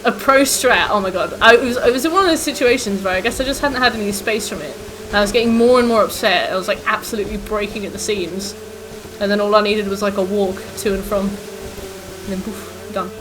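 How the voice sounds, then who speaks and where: A woman's voice: mid-range voice, a little fast. Girl in her 20s streaming, rambly casual chat, lots of likes and ums, bit of faint noise. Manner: rambling and chatty, full of "like" and "um". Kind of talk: casual chat with viewers while gaming.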